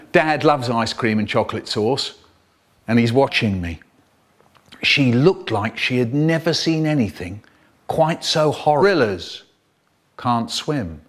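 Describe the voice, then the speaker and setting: A man's voice: medium pitch, expressive, unhurried, pauses often. A man telling comic stories in spliced bits, jumping between the voices of family members. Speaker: storyteller.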